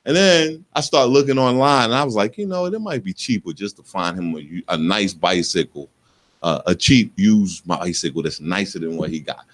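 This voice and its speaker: A man's voice: low voice, moderate pace. A man from Ohio co-hosting a radio talk show, telling stories with swearing and acted-out quotes in a casual chat. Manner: animated storyteller, acts out quotes, swears freely.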